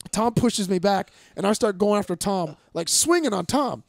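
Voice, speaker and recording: A man in his thirties telling a profane story in casual chat, acting out the people in it and shouting some of their lines. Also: high-pitched, normal speed, vocal fry, dry recording, clean studio sound. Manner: animated, profane storyteller acting out quotes loudly. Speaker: fighter and podcast guest.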